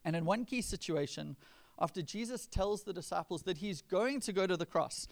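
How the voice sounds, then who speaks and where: Gravelly-voiced man preaching conversationally. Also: sits high, moderate pace. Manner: conversational preaching, acts out quoted lines with rising emphasis. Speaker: pastor. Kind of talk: sermon.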